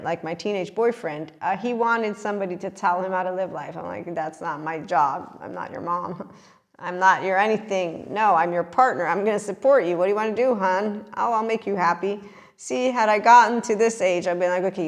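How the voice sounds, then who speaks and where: Chatty woman podcast host, laughing often. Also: mid-range voice. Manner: animated, laughs often, talks to listeners. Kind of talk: casual monologue.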